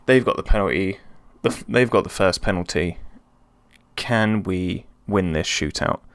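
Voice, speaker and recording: A man casually commenting on his own football management game, chatty and prone to sudden excited outbursts. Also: deep voice, measured pace, no room sound. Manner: excitable, chatty, swings between calm and yelps. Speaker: let's play host.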